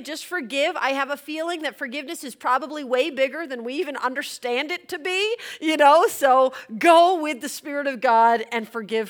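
A woman's voice: high voice, normal speed, few pauses. A woman teaching in an earnest, conversational way, with light laughs between points. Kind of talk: teaching on deliverance and prayer.

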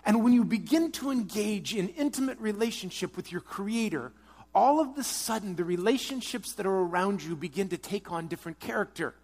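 A pastor preaching a sermon, earnest, moving between strong urging and quiet, hushed prayer. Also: male voice, high voice, animated, fairly quick. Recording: long hall reverb.

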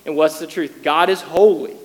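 A man preaching a sermon in an earnest way, rising to loud emphatic cries when he quotes scripture. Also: fairly high pitch, fairly even intonation, fairly quick, in a large hall, rough recording. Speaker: pastor.

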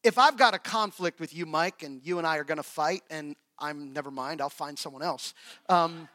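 High-voiced storytelling male pastor. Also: moderate pace. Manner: storytelling, swinging between loud and hushed; asks the congregation rhetorical questions. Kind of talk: sermon.

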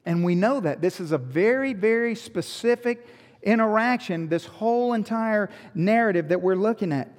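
A man preaching a sermon, animated, with rhetorical questions and joking asides to the congregation. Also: sits high, moderate pace, long reverb tail. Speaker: pastor.

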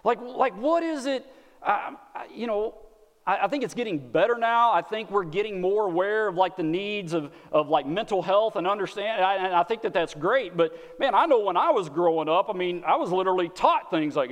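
A man with a Texan accent preaches a sermon in a folksy, earnest style, often repeating words. His voice is high-pitched and animated at a moderate pace, and the recording carries a long hall reverb.

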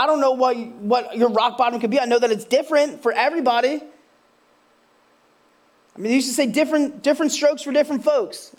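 A very high-pitched man in his thirties preaches a sermon as a pastor. He builds from quiet storytelling up to impassioned, near-shouted questions.

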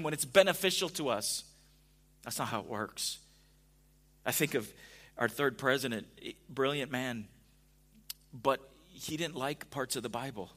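A man preaching a sermon in a conversational way, dropping to a hush at times and rising to emphatic points. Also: fairly high pitch. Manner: conversational, swings from hushed to emphatic. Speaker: pastor.

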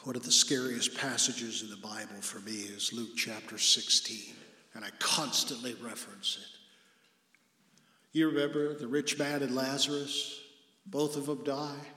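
A man preaching a sermon as pastor, earnest, sometimes dropping his voice to a hush for emphasis. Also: medium pitch, steady tone, measured pace. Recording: echoey hall with long reverb.

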